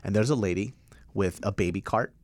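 A man's voice: lowish voice, a little fast, slight background noise. A man telling a comic story on a podcast, laughing often and swearing freely. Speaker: podcast co-host. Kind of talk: casual comedic storytelling.

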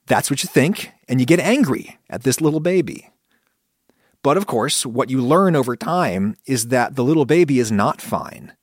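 A man's voice: medium pitch, moderate pace, no echo, studio quality. A man hosting his own podcast, talking through his thoughts in a conversational, reflective way. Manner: conversational, reflective, animated when quoting thoughts. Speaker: podcast host. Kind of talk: solo podcast monologue.

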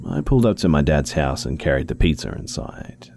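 A man narrating a first-person story in a steady, measured reading. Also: rumbling low, gravelly, faint music behind.

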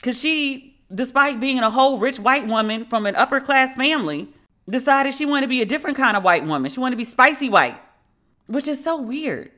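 A woman's voice: high-pitched, expressive, fairly quick, fairly bright tone. A woman hosting a podcast, telling a story in a candid, slangy and sardonic way. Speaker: podcast host. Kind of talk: casual storytelling monologue.

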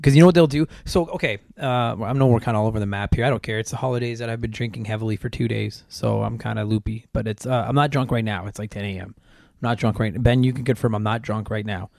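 A man's voice: on the low side, fast talker, creaky, a little mellow, no room sound, studio quality. A man hosting a podcast, chatting casually and rambling with lots of filler words. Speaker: podcast host. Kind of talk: casual chat.

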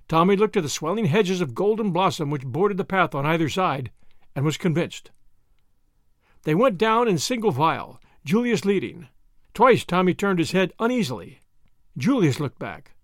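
Lively male audiobook narrator. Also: sits high, no echo, studio quality. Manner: measured storytelling. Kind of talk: scripted narration.

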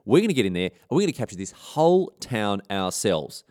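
Voiced by a man, a cocky soldier with a broad Australian accent talks in a low, lively drawl. He is scheming and crude, full of slang and swagger. The voice has a loose storytelling feel. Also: fairly quick, no room sound, clean studio sound.

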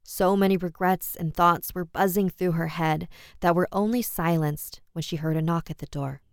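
A woman telling a horror story in a measured, dramatic style. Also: on the low side, fairly even intonation, no echo. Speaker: narrator. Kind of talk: scripted horror narration.

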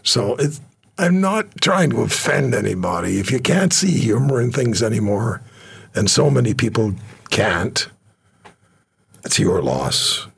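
Talk host, deep gravelly voice, lively, jokey storyteller. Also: male voice, unhurried. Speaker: radio talk show host.

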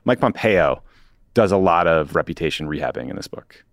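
A man's voice: low voice, lively intonation, moderate pace, gravelly, dry recording. A man co-hosting a political podcast in casual chat, dry and wry, reading excerpts aloud with short asides. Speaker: podcast co-host.

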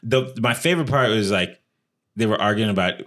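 Low-voiced laid-back man chatting. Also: a little fast, fairly bright tone. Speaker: podcast co-host. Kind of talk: casual chat.

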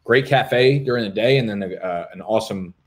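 A man's voice: on the low side, moderate pace. A man, hosting a live stream in profane, rambling casual chat. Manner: profane, rambling, swears constantly.

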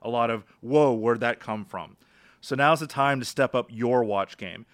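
A man's voice: medium pitch, moderate pace, a bit bright, no echo. Male podcast host with dry sound. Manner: conversational, brief affirmations. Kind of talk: interview hosting and read advertisement.

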